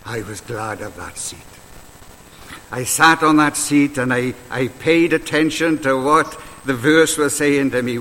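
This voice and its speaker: A man giving a slow, reflective devotional talk and prayer while out on a walk. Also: mid-range voice, a bit bright, long reverb tail, a little hiss or hum, poor audio. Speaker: preacher. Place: outdoors on a walk.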